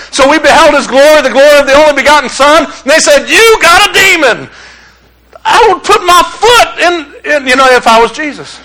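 High-pitched, bright-voiced male preacher. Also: low-quality recording. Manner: humorous, animated, conversational preaching. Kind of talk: sermon.

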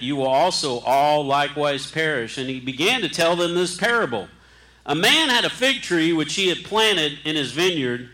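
A man's voice: fairly high pitch, sharp tone, rough recording. A middle-aged man preaching a sermon, urging his listeners with fervent repeated commands.

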